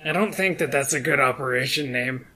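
A man's voice: mid-range voice, brisk, bright, forceful tone. A man playing a tabletop game with friends, sarcastic and wisecracking. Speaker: player. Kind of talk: casual chat.

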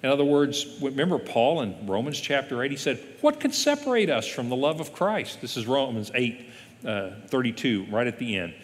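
A man's voice: medium pitch, moderate pace, big-room sound. A man preaching a sermon as a pastor, emphatic and quoting scripture often. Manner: lively emphatic preaching with frequent scripture quotes. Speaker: executive pastor. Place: church sanctuary.

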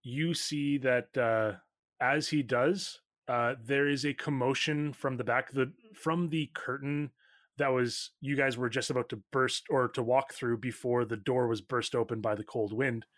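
A man narrating a tabletop game as game master, in a relaxed, halting way full of fillers. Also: mid-range voice, dry recording, studio quality.

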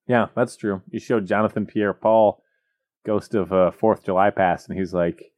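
A man's voice: lowish voice, steady tone, a little slow, a little mellow. A man telling a story in casual, joking podcast chat, rambling with comic asides.

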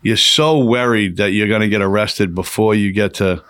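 A man's voice: on the low side, fairly even intonation, moderate pace, fairly bright tone, smooth, no echo, clean studio sound. A man telling a rambling, profane story in casual conversation as a podcast guest.

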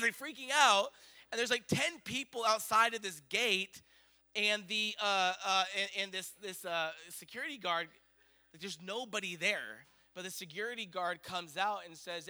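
A middle-aged man preaching, telling a story in an animated, excitable way. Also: high voice, normal speed. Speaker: pastor. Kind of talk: sermon storytelling.

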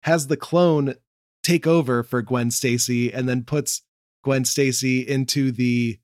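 A young man co-hosting a casual chat, laid-back and quick to laugh. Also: mid-range voice, fairly even intonation, no echo, studio quality. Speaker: podcast co-host.

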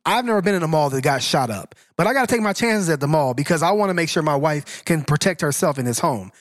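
Fast-talking high-voiced blunt man. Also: expressive, no echo, clean studio sound. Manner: emphatic, blunt, profane. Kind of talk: casual debate.

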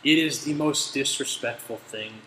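A man hosting a casual podcast, telling stories in animated, profane rants with an exasperated edge. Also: mid-range voice, moderate pace. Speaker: podcast host. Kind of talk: casual chat, storytelling. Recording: echoey room with faint noise.

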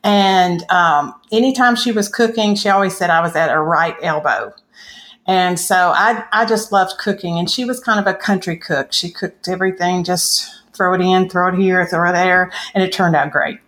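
A woman's voice: lowish voice, normal speed, a bit bright. An older woman recalls her childhood kitchen as a podcast guest. She speaks in a fond, chatty, reminiscing way, breaking into short laughs now and then. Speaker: guest mother. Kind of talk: casual storytelling.

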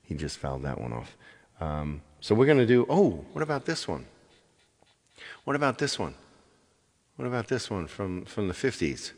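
A man's voice: lowish voice, very animated, normal speed, long pauses, big-room sound. A man chatting casually with viewers between songs on his livestream, rambling and apologetic as he talks. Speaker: live-stream singer.

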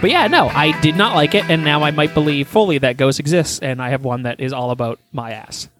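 Talking briskly over music in a fairly high voice, a man on a podcast he co-hosts recounts a story. He's animated and swears freely, blowing things out of proportion to get laughs.

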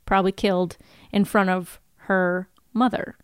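Opinionated woman podcast co-host, smooth voice. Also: medium pitch, measured pace, dry recording, studio quality. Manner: animated, opinionated, swears casually. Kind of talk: casual chat about a TV show.

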